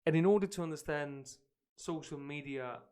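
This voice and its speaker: A man's voice: fairly high pitch, moderate pace, darkish tone, smooth. A man who speaks Spanish natively, teaching English on a livestream in a chatty, blunt way and swearing now and then. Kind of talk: casual livestream lesson.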